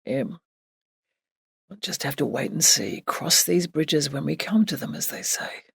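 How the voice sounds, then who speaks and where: A woman voicing a quiet, shaken young farmer. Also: sits low, lively intonation, a little slow, no echo, studio quality, exaggerated voice. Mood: subdued. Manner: quiet, subdued, sometimes breathy. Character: young male farmer, shaken but steady.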